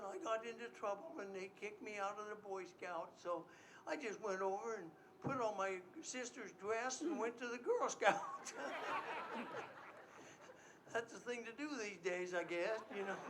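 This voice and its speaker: Man playing a high-voiced ornery little brat, boastful and giggly, stage comedy bit. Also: fairly bright tone, a little hiss or hum. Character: mean ornery little boy, mischievous and cheeky.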